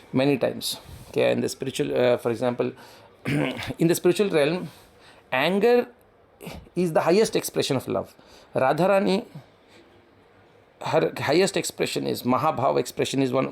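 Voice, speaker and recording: A man with a gravelly, creaky voice gives a devotional lecture. He talks haltingly and keeps restarting words, with plenty of ums and uhs between phrases. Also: a little high, darkish tone. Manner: halting, with many restarts and fillers. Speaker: spiritual teacher.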